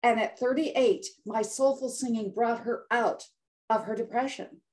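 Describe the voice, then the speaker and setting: A woman's voice: fairly high pitch, fairly even intonation, a little slow, a little mellow. An older woman telling her story as a podcast guest, dramatic and emphatic, repeating words for effect. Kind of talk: interview storytelling.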